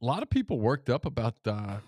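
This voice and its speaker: A man's voice: mid-range voice, sing-song, fast, a little mellow, no room sound. A man, a podcast co-host, chatting casually and teasing his partner. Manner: brief backchannel, teasing. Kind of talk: casual chat.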